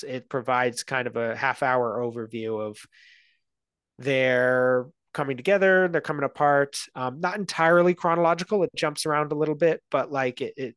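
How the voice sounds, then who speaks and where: A man's voice: medium pitch, fairly bright tone, clear, resonant tone, no echo. A man talking at length in a casual interview as a guest film analyst, thoughtful and a little rambling. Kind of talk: casual conversation.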